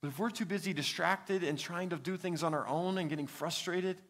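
A young male pastor preaches with an earnest, storytelling delivery. His voice is fairly high and bright, and it rings out with a long reverb through a church sanctuary. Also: brisk. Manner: earnest, storytelling with a child's anecdote. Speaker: student pastor. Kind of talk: sermon. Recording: reverberant hall.

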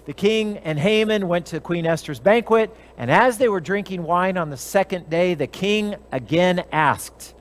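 A man with a notably high voice preaches in a relaxed, conversational way. He retells scripture with animation, slipping briefly into the characters' voices as he goes. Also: unhurried, hardly any pauses. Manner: animated storytelling, briefly acting out characters' lines. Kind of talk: conversational Bible teaching.

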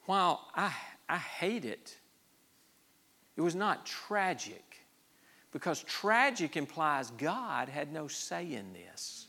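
A man pastor preaching with a fairly high, bright voice. He is emphatic, repeats words as he gathers his thoughts, and swings between hushed and forceful passages. His pitch moves all over. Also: sing-song, slow pace. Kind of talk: sermon.

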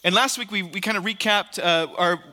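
A man's voice: high-pitched, a little fast, pushed and bright, long reverb tail. A man preaching a sermon as pastor in a church, earnest and emphatic, repeating key phrases for weight. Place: church sanctuary.

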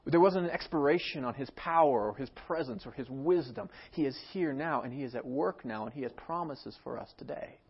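A man preaching a sermon as pastor of a church, swinging from soft, quiet lines to emphatic, raised ones. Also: mid-range voice, a little fast, hardly any pauses, husky, lo-fi sound. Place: church sanctuary.

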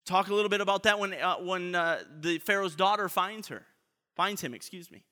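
A man preaching a sermon in an earnest way, often letting his voice drop soft at the ends of points. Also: high-pitched, fairly quick. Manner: earnest, often trailing off softly. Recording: long reverb of a large hall.

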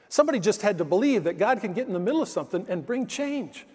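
A man's voice: sits high, sing-song, quick pace, few pauses, a little mellow, husky, in a large hall. A male pastor preaching a sermon, telling stories in an emphatic, conversational way.

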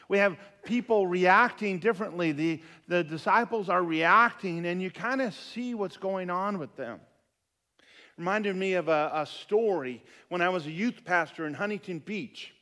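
Middle-aged male pastor, slightly higher voice, animated storyteller who acts out quotes and murmurs asides. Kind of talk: sermon with storytelling.

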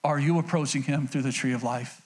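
Here a middle-aged pastor from Oklahoma preaches in a mid-range, steady voice at a fairly quick clip. His sermon is folksy and conversational, repeating phrases and acting out little quotes.

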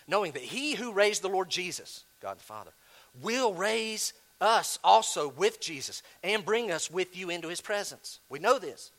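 Man, pastor preaching, high voice, lively up-and-down delivery, loud bursts then quiet asides. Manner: animated preaching, swinging from loud emphasis to hushed asides. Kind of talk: sermon.

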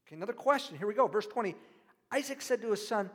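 Guy preaching a sermon, highish voice, quiet asides then loud and punchy, big echoey hall. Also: animated, quick pace. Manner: reads verses aloud, then asks the listeners pointed questions; swings from hushed asides to loud emphatic preaching. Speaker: pastor. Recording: reverberant hall.

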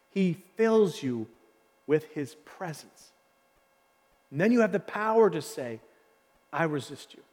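A man preaching a sermon with passion, using repetition and dramatic pauses. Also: high voice, in a large hall. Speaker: pastor.

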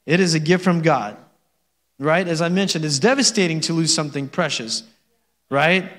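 A man's voice: on the high side, normal speed, fairly bright tone, long reverb tail. A man preaching a conversational sermon as pastor, joking often and checking in with his listeners. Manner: conversational and joking, with frequent laughs and "amen?". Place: church sanctuary.

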